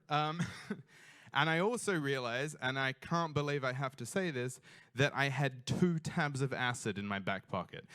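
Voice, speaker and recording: Animated Australian man telling a story. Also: mid-range voice, no room sound, clean studio sound. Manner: animated, self-mocking, swears freely, acts out voices. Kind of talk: live storytelling.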